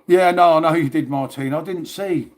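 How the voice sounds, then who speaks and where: A man's voice: on the high side, moderate pace. A man hosting a casual livestream, chatting and rambling to viewers and swearing now and then. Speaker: livestream host.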